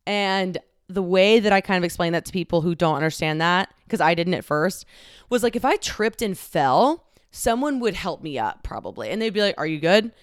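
Hosting her casual podcast alone, a Dallas-Fort Worth, Texas woman in her twenties talks frankly, dropping plenty of "like"s and the occasional swear word. She speaks at normal speed in a lowish, animated voice. A close studio mic captures her at studio quality with no room sound.

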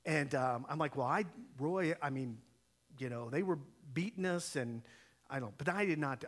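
A man preaching a sermon as a pastor, telling a story with lively quoted dialogue, his voice rising and falling as he acts out each part. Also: a little high, moderate pace. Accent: Ohio. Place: church sanctuary.

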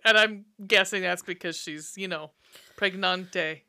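A woman's voice: mid-range voice, measured pace, bright, forceful tone, clear, resonant tone. A woman co-hosting a podcast, recapping a movie in casual chat, swearing freely and laughing often. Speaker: podcast co-host.

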